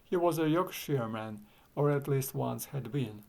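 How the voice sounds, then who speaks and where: A man narrating an audiobook with wry, dry humor. His voice has a gravelly, creaky texture. His delivery is measured and unhurried in a mid-range pitch. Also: darkish tone. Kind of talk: audiobook reading.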